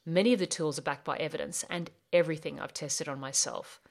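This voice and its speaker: An Australian woman with a slightly low voice, introducing her podcast as host and life coach. Her delivery is earnest and upbeat, with a motivational lift. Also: fairly quick, creaky.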